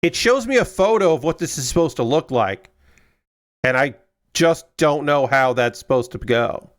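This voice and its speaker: A young man talks casually to a stream audience, rambling and exasperated. He swears freely and keeps firing off questions, his voice sitting a little higher than most men's. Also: lively intonation, moderate pace. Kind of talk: casual chat while building a model kit.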